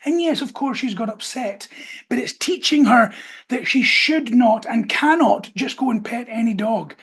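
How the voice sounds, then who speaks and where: A man's voice: very high-pitched, husky. A man hosting a podcast, giving dog-safety advice in a casual talk with direct, firm instructions. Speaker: podcast host, dog trainer.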